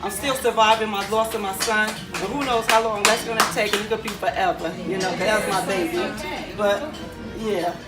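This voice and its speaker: A woman's voice: mid-range voice, steady tone, normal speed. A woman sharing her personal story with a running group, speaking emphatically and laughing often. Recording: echoey room from far off, with crowd and music.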